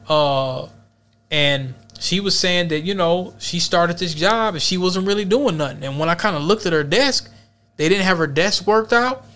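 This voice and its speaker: A man's voice: high-pitched, normal speed, sharp tone. A man hosting a podcast, telling a workplace story in loose, rambling street slang. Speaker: podcast host. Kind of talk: casual commentary and storytelling.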